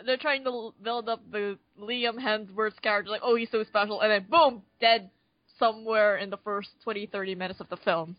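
A woman's voice: mid-range voice, steady tone, moderate pace, no room sound, highs cut off. A woman co-hosting a casual movie podcast, rambling with many restarts. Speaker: podcast co-host.

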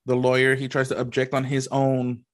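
A man co-hosting a casual podcast, talking loosely with lots of fillers and animated retellings. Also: mid-range voice, fairly quick. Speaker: podcast co-host. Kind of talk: casual chat.

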